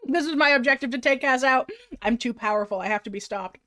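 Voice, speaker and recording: A woman's voice: high-pitched, fast, a bit bright. A woman streamer chatting casually on a livestream, self-mocking and swearing freely.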